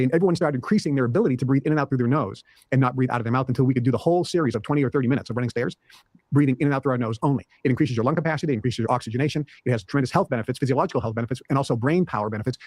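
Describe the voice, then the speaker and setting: A man giving emphatic, repetitive instructions in a brisk way, recorded on a video call mic. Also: mid-range voice, darkish tone, no echo. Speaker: guest teacher. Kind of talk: instructional talk on health and mind.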